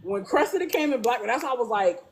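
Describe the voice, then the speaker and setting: Woman, casual guest chat, animated, acts out quotes, lots of "like". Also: fast talker. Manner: animated, acts out characters' lines with big pitch jumps; peppers speech with "like". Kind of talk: casual fan discussion.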